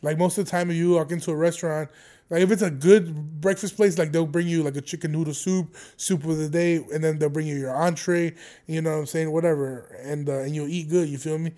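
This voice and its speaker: A man's voice: on the high side, steady tone, brisk, warm tone. A young man telling a casual, rambling story to his viewers, swearing freely and breaking into laughter. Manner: rambling, profane, laughs often between jokes. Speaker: vlogger.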